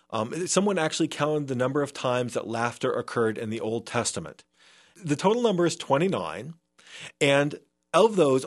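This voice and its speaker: A man speaking as a scientist guest in a remote radio interview. He explains earnestly and often restarts his sentences. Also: mid-range voice. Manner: earnest, with frequent restarts and fillers.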